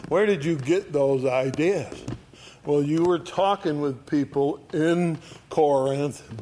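Male Bible teacher, slightly high voice, animated conversational delivery, faint noise in the recording. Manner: animated storytelling, acts out quoted voices.

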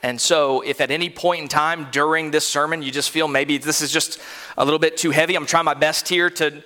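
A man's voice: fairly high pitch, steady tone, a little fast, bright, forceful tone. Earnest man preaching in a reverberant church. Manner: earnest and conversational, with frequent fillers and restarts. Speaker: pastor. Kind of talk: sermon. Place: church sanctuary. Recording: long hall reverb.

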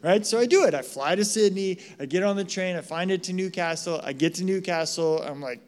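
A man's voice: high-pitched, a little fast, darkish tone. A man from the United States preaching a sermon, telling a story with lots of "right?" asides. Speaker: pastor.

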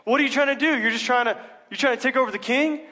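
A man's voice: very high voice, quick pace, bright, forceful tone, pitched above the performer's own voice. A male preacher voicing scornful enemy officials who jeer and taunt, in a hall with long reverb. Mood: threatening. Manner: mocking, taunting.

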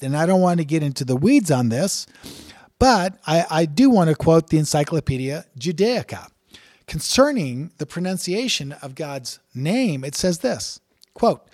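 A man with a fairly high voice teaches from scripture, earnest and deliberate, and reads passages aloud with emphatic rises. The recording is dry and close, with no room echo. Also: darkish tone. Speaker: Bible teacher.

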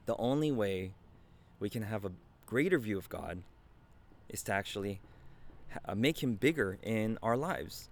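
Earnest male pastor with a lowish voice. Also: animated, moderate pace, pauses often. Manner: earnest, conversational, with frequent "right?" asides. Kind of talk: sermon.

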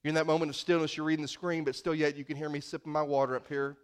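High-voiced preacher, animated storytelling. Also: male voice, rapid-fire, clear, resonant tone. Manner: animated storytelling, acting out scripture scenes. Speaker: pastor. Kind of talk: sermon. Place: church sanctuary.

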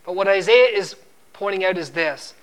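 A man's voice: moderate pace, fairly bright tone. A man preaching a sermon, quoting scripture and pressing his points with emphasis. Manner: emphatic, rises in pitch and volume when driving a point; quotes scripture and acts out the servant's lines.

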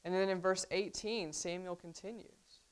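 Low-voiced woman preaching conversationally. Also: fairly even intonation, moderate pace, smooth. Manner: conversational, frequent "right?" asides to the congregation. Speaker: pastor. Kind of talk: sermon.

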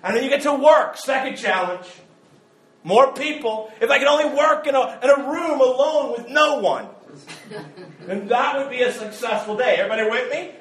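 In a church sanctuary, a high-voiced pastor preaches a loose, joking, conversational sermon, often stumbling and repeating words as he builds his point. His fairly bright voice rings in the echoey room at a moderate pace.

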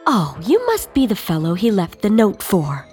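A woman's voice: medium pitch, huge pitch swings, moderate pace, music in the background. A woman playing a fleshy, chatty tavern keeper. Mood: curious.

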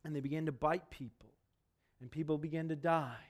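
High-voiced preacher with hushed and loud swings. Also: male voice, steady tone, brisk. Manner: swings between loud emphatic peaks and hushed low asides; conversational, asks the congregation questions. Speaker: pastor. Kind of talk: sermon.

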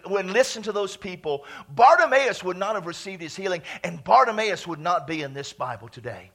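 High, lively-voiced preacher shouting and whispering. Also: male voice, normal speed, vocal fry, husky. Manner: dramatic swings from shouts to hushed whispers; calls for congregation to repeat and shout. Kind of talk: sermon.

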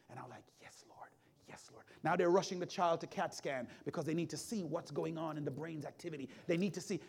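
Telling a story from his hospital chaplain work, a slightly high-voiced man delivers a sermon that rises from whispers to loud peaks in repeated build-ups.

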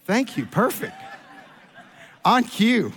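A man preaching a sermon as pastor, emphatic and repetitive, restarting phrases, moving between a raised voice and a hushed one. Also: sits high, very animated, slow, a little hiss or hum. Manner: emphatic, repeats phrases and restarts, swings from raised voice to near whisper.

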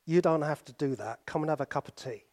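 A British man preaching a sermon, telling stories with pauses and sudden drops to soft asides. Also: fairly high pitch, vocal fry. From Britain.

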